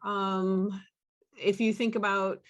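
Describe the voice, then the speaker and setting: A woman scholar speaking on a panel discussion over a video call, thoughtful, often pausing with fillers and restarting her sentences. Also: medium pitch, flat delivery.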